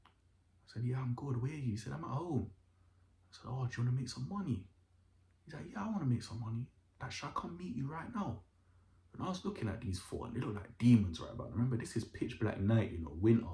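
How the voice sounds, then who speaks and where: A young man tells a story in lively street slang and acts out each quote. His voice sits low. The room around him is echoey. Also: vocal fry. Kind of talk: casual storytelling to camera.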